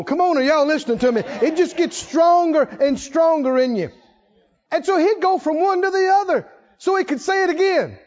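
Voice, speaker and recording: A man preaching a sermon, animated, acting out quotes and shouting at the peaks. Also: very high-pitched, highs cut off.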